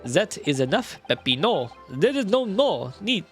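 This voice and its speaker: A man's voice: sits high, big pitch swings, measured pace, fairly bright tone, soft background music, full character voice. A man doing a curt boss. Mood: stern.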